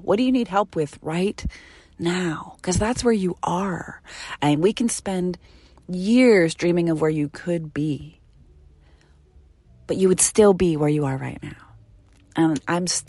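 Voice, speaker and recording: A middle-aged woman talks into her podcast microphone in a low, earnest voice. She speaks from the heart and sometimes drops to a near whisper. The sound is close and dry. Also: no room sound. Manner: earnest and heartfelt, slowing to a soft whisper at tender moments. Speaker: podcast host. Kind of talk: intimate solo podcast monologue. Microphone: studio microphone.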